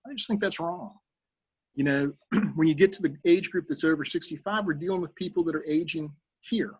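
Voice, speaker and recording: A man's voice: on the high side, a little fast, husky, no echo, dull audio. A middle-aged man making an earnest, persuasive public comment at a town council meeting, talking conversationally with fillers.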